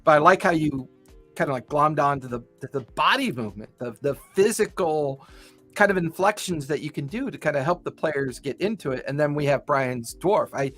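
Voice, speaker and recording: A man's voice: a little high, a little fast, a bit bright, faint music behind. Rambling male podcast host. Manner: rambling, repeats words. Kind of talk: casual podcast chat.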